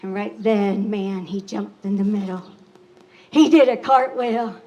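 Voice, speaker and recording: A woman telling a fable at a rally, slow and dramatic, sometimes dropping to a whisper. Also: mid-range voice, dark tone, lo-fi sound. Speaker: storyteller at a rally. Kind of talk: oral storytelling, fable.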